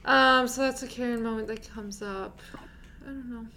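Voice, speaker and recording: A woman hosting a casual podcast, telling an anecdote in a relaxed, wry way with casual swearing. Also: a little high, normal speed, a little hiss or hum, low-quality recording. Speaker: podcast host. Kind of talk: casual chat.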